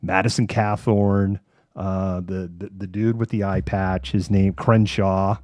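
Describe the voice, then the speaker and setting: A man's voice: sits low, flat delivery, a little slow, a little mellow, no room sound, studio quality. A man hosting a casual live news chat, sardonic and rambling. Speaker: host.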